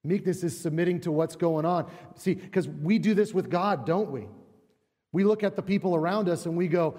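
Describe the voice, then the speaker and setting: Warm-toned preacher in a big echoing church. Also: male voice, high voice, normal speed. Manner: conversational, rhetorical questions, acts out quotes. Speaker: pastor. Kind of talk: sermon. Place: church sanctuary. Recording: long church reverb.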